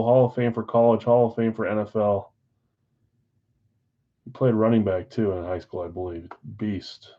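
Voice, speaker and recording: A man hosting a live-streamed card break, chatting with viewers and calling out countdowns in an energetic, auctioneer-like way. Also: mid-range voice, muffled recording. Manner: auctioneer-like rapid calls.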